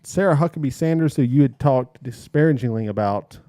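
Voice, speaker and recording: A man's voice: mid-range voice, a little fast, warm tone, no echo, clean studio sound. A man hosting a casual podcast with his brother and a friend, with jokey, upbeat emcee patter. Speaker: podcast host.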